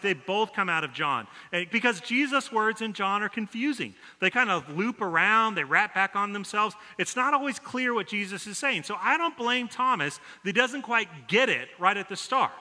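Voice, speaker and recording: A man preaches in a relaxed, storytelling way, slipping in self-deprecating jokes. His voice sits high and rings very bright. The sound carries the long reverb of a church sanctuary. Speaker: pastor. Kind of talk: conversational sermon with stories.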